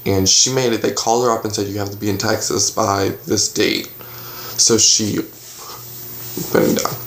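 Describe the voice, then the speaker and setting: A man's voice: lowish voice, normal speed, echoey room, a little hiss or hum. A young man casually telling a long story to the camera, rambling and acting out what everyone said. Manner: rambling, animated retelling with quoted dialogue. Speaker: vlogger. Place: bedroom at home.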